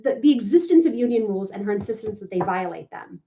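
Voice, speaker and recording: A woman's voice: mid-range voice, lively intonation, fast, mellow, a little hiss or hum. A woman legal analyst giving emphatic podcast commentary, often checking in with "right?". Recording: dull lo-fi audio.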